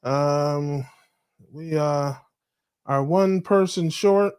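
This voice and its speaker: A man's voice: on the high side, very slow, a little mellow, clean tone. A man co-hosting a live diet chat show over a video call, joking, teasing and laughing often. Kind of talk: casual live-stream chat.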